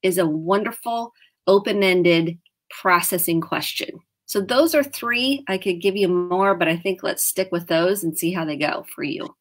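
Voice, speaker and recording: A woman therapist from Indiana talking on a video call, coaching and acting out example questions in a warm, encouraging way. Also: fairly low pitch, a little slow. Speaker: licensed therapist. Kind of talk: video-chat conversation.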